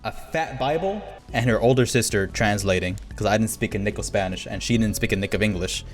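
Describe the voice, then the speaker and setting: A young man casually telling a long personal story on a stream, animated and laughing as he acts out the people in it. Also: fairly low pitch.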